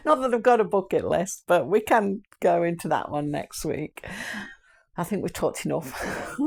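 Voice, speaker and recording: An older woman with a slightly low voice chats casually to her viewers. She rambles from memory to memory and laughs often. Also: sing-song, a little slow, creaky, darkish tone, breathy edge. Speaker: vlogger, channel host. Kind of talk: casual chat.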